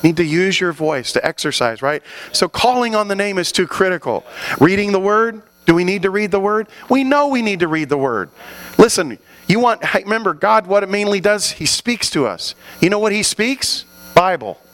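A man preaching an animated sermon to a congregation, often building to loud, fervent exhortations. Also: sits high, moderate pace, rough recording.

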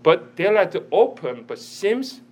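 A man teaching a church audience in a sermon style, animated, quizzing listeners, with broken, non-native-sounding phrasing. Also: high-pitched, measured pace, slightly rough.

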